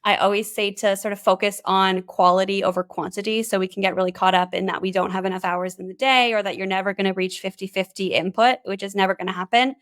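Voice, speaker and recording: A woman's voice: mid-range voice, steady tone, quick pace, hardly any pauses, fairly bright tone. A woman from Canada, a bilingualism specialist, chatting as an interview guest with lots of "like" fillers and restarts. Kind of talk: casual interview chat.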